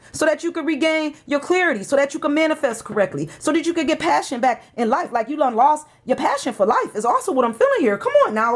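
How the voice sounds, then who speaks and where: A woman giving a tarot reading, emotional and preachy, urging the listener on. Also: high voice. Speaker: tarot reader.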